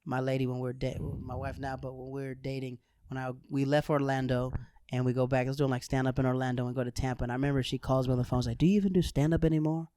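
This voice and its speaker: A man from Florida hosting a podcast, telling lively anecdotes in casual chat and acting out the people in them. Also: medium pitch, fast, no echo. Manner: animated anecdotes with lively voiced quotes. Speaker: podcast host.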